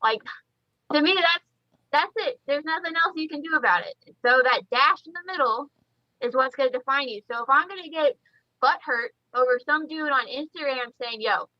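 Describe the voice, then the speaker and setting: A woman's voice: high-pitched, moderate pace, no room sound, muffled recording. A woman talking bluntly and with lots of swearing on a casual podcast, telling stories and acting out quotes. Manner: blunt, profane, animated storytelling with acted quotes. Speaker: podcast guest, reptile breeder.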